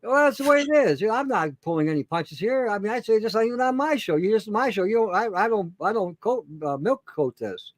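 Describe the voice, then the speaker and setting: A man from Canada with a high-pitched voice who talks bluntly and emphatically, hammering his points with repetition and swearing. The recording sounds dry and close. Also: expressive, a little fast, few pauses, dry recording. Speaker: guest, show host himself. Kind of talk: blunt profane ranting.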